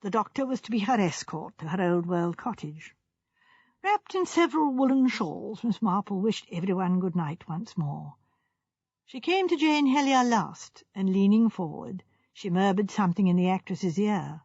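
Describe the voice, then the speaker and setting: A woman narrating an audiobook in a measured, expressive way. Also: medium pitch, husky, dry recording. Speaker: audiobook reader. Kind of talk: scripted narration. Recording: dull lo-fi recording.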